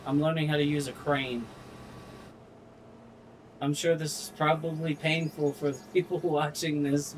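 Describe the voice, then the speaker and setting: A man talks through a video game in an unhurried, drawn-out way, his voice sitting a little high for a man. He swears constantly and grumbles at the controls as he plays. A faint hiss runs under the recording. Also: little pitch movement. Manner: frustrated, swears a lot, slow drawl. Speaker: gaming streamer. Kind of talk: casual gameplay commentary.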